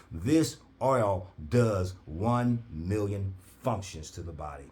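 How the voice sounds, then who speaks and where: A man telling an animated story in a preacher-like cadence, acting out quoted voices with big jumps in pitch. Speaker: herbal oil seller.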